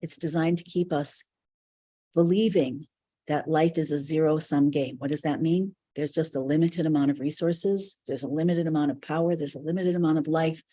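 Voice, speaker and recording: Mellow, husky woman teaching online. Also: low voice, steady tone, moderate pace. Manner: earnest, reflective, speaks in loose flowing phrases. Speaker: spiritual teacher leading an online class. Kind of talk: live online teaching session.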